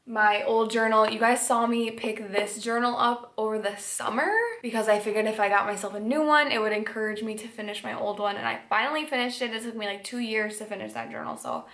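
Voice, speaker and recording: A woman's voice: a little high, steady tone, brisk, hardly any pauses, fairly bright tone. A young woman from Michigan with a slight Upper Michigan accent, chatting casually to camera at home in a rambling vlog full of "like" fillers. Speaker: vlogger. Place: indoors at home. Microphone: camera mic.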